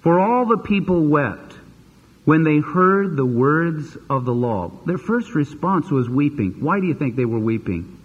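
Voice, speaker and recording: Husky pastor preaching in an echoey church. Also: male voice, fairly high pitch, measured pace. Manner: animated preaching, acting out quoted voices. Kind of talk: sermon. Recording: dull lo-fi sermon recording with long reverb.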